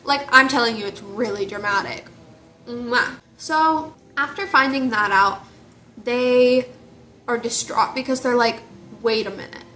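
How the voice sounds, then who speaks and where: A young woman casually retelling a book series, animated and jokey. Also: a little high, a little slow. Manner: animated, gushing, jokey storytelling. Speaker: book reviewer. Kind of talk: casual chat.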